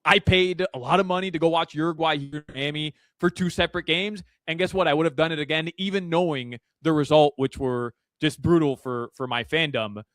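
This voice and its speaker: A man as a guest analyst in a casual sports radio chat, animated and full of fillers and restarts. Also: a little high, brisk, few pauses, dry recording. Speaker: soccer betting analyst guest. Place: Miami.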